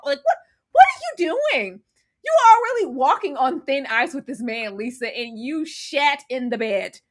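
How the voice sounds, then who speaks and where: Sassy woman host, high and very lively pitch, giggly recap banter. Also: moderate pace. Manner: giggly, animated, sassy commentary. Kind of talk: live casual show recap.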